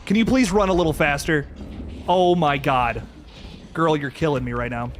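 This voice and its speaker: A slightly high-pitched man giving live commentary on a horror game. He swears, yells and talks to himself, then settles into a calmer goodbye to his viewers. A faint hiss sits under his voice. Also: moderate pace. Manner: jumpy, swearing, scared exclamations; quiet, relaxed sign-off. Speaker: horror streamer.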